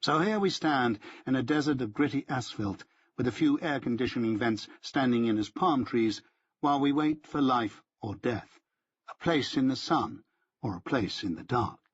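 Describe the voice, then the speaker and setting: A man's voice: medium pitch, lively intonation, moderate pace, slightly rough, no room sound, dull audio. A man narrating a first-person audiobook in a dry, wry storytelling manner.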